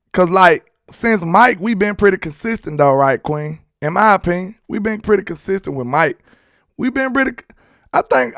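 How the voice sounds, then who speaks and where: A man hosts a loose, rambling sports talk stream, slipping into asides to his chat and laughing easily. His voice sits a little high for a man, with a smooth, resonant ring. The sound is close and dry with no room around it. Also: fairly bright tone, no echo. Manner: laid-back, rambling, chats with viewers and laughs often. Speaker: sports talk show host.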